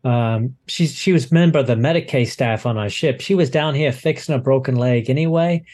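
A man's voice: mid-range voice, darkish tone, natural voice. A man voicing a rambling anxious dock supervisor. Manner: rambling, halting with fillers.

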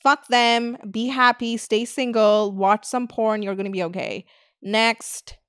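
A woman's voice: a little high, steady tone, measured pace, fairly bright tone, clean tone, no echo, clean studio sound. A young woman hosting a podcast, ranting bluntly and swearing a lot in casual chat. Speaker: podcast host.

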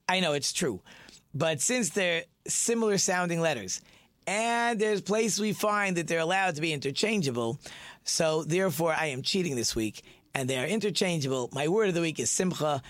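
A man's voice: a little high, fairly bright tone, no room sound. A man hosting a talk show, chatting casually in a rambling way and telling a joke. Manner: chatty, rambling, with fillers and restarts.

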